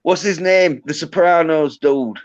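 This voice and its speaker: This livestream host has a slightly high voice and takes his time. Through dull, lo-fi audio, he rambles on and ribs his guest with loose, profanity-heavy banter.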